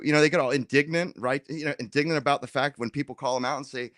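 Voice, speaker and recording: A man in a casual political roundtable debate, talking in an animated, argumentative way and dropping slang as he makes his point. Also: mid-range voice, fairly quick, dry recording, clean studio sound. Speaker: roundtable guest.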